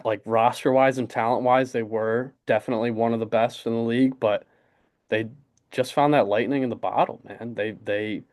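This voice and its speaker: A man's voice: medium pitch, a little mellow. A young man, co-hosting a podcast in casual, rambling sports chat full of fillers and restarts. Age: young adult. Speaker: podcast co-host.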